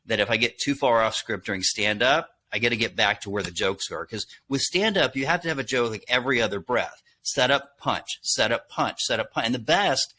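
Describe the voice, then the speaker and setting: A middle-aged man from Texas, a guest on an interview show, telling stories in a lively way and acting out quotes. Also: mid-range voice, a little fast, hardly any pauses. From Texas, USA. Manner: animated storyteller, acts out quotes. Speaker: guest, handwriting expert. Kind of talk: casual interview talk.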